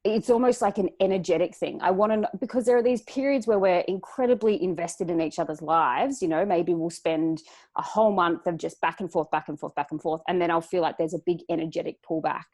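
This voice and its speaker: A woman's voice: fairly low pitch, fairly quick, darkish tone. A woman guest on a podcast, talking earnestly and reflectively with frequent restarts. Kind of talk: casual chat.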